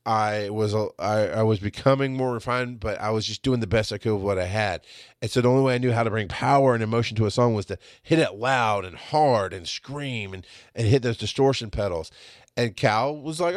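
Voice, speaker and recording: A man's voice: lowish voice, fairly quick, no room sound, clean studio sound. Blunt, swearing man in his thirties. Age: 30s. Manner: blunt and animated, swears often. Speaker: podcast host. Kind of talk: casual monologue.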